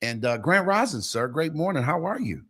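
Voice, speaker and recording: A man's voice: fairly high pitch, sing-song, moderate pace, fairly bright tone, slight background noise. A man hosting a casual morning show over a video call, bantering and teasing in a folksy, playful way. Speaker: host.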